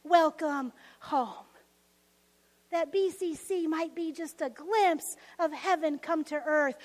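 A woman pastor preaching a sermon with passion, swinging from emphatic lines to soft whispers. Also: very high-pitched, takes it slowly, long reverb tail, low-quality recording.

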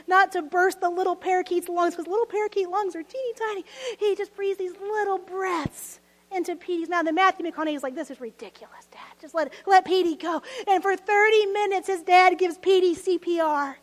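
Woman pastor preaching, storytelling with little laughs, really high voice, big echoey church hall. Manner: lively storytelling with laughs and dramatic hushed asides. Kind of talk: sermon.

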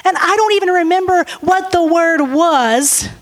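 A woman pastor in her forties, praying and preaching a sermon with earnest, lively storytelling. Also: extremely high pitch, unhurried. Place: church sanctuary. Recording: reverberant church hall.

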